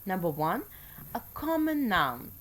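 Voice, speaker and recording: A woman teacher giving a recorded English grammar lecture, explaining step by step with frequent pauses and fillers. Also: medium pitch, big pitch swings, a bit bright, slight background noise. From Pakistan.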